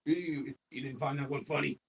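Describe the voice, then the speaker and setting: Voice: medium pitch, fairly even intonation, fairly quick, vocal fry, close to an everyday voice. A game master voicing a puzzled male audience member in a tabletop game. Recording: distant mic, faint noise.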